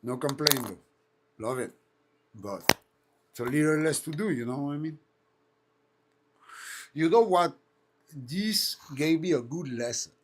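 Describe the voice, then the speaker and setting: Speaking a little high and a bit bright, the host is animated yet unhurried, pausing often. He's a man in his thirties with a French accent, running a casual live stream full of stories, profanity, and engine-noise impressions.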